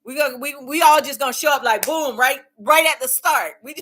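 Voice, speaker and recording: A woman speaks briskly in a high, fairly bright voice while hosting a relaxed livestream. She reads viewer comments aloud, cheers them on, laughs a lot and repeats phrases.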